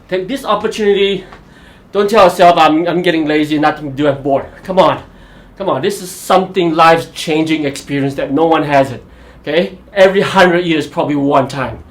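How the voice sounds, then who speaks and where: A slightly high, slightly fast male voice rings through an echoey room as the host of a live golf fitness stream. He pushes viewers along with energy, coaching exercises and offering golf advice.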